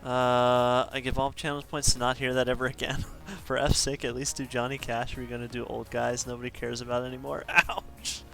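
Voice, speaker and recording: A man's voice: medium pitch, little pitch movement, fairly quick, creaky, few pauses, a bit bright, faint music behind. A man chatting casually on a live game stream, chuckling often as he reads out viewer requests. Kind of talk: casual live-stream chat while gaming.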